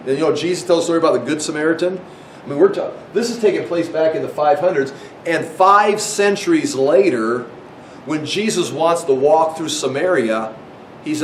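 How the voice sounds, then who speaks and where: A man's voice: fairly quick, recorded from a distance. A man giving an informal Bible history lecture, talking conversationally with frequent restarts and acting out quoted voices. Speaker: Bible teacher. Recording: echoey room with faint rumble.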